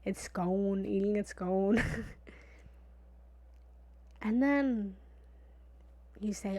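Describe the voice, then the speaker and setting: Woman doing a motivational talk, chatty and expressive, mid pitched, whispers bits for emphasis. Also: takes it slowly, pauses often. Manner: animated and conversational, drops into whispers for emphasis; repetitive, playful analogies. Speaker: motivational speaker.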